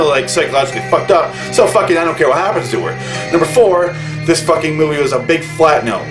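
A man reviewing a movie in a furious rant, swearing constantly and bluntly listing everything he hated. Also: on the high side. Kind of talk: angry profane rant.

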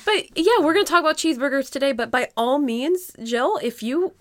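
A woman's voice: high voice, expressive, brisk. A woman hosting a podcast, chatting in a bubbly, playful way. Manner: bubbly, playful, sing-song. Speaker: podcast host. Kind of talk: casual podcast chat.

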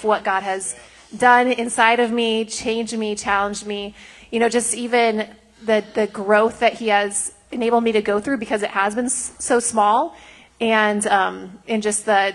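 A woman's voice: mid-range voice, fairly bright tone. Woman, middle-aged, house of prayer leader, earnest, rambling testimony, many fillers. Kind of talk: testimony sharing.

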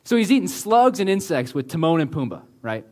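A man preaching a sermon in a church, earnest and conversational, often slowing to a hush for emphasis. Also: fairly high pitch, very animated. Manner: earnest, conversational preaching with many "like" and "right?" asides; slows down and drops to a hush for emphasis. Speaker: pastor.

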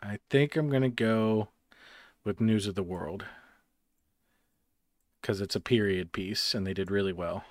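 Slow-talking joking man. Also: lowish voice, no echo. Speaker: podcast co-host. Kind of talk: casual chat.

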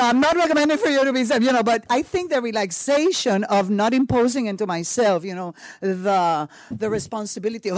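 A woman from Puerto Rico, with a Puerto Rican accent, tells a story to a panel audience. Her pitch rises and falls with lively animation, and she acts out each exchange with laughter and short Spanish asides. The sound is close and dry, with no room echo. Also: fairly quick. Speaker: actress on a panel. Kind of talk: panel talk, telling an anecdote.

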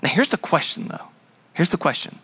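A middle-aged man delivers a sermon in an animated way. His voice is bright and sits a little high. He speeds up in bursts, mocks in higher voices and drops to a low hush for emphasis. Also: a little fast, breathy edge. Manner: puts on mocking high voices. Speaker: pastor.

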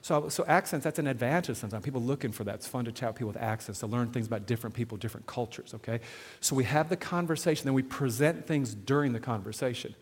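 A man preaching to a live audience on sharing faith, animated, often asking the crowd questions and checking in with "okay?". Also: medium pitch, fast talker, husky. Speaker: evangelism speaker. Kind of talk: sermon-style teaching to an audience. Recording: long hall reverb.

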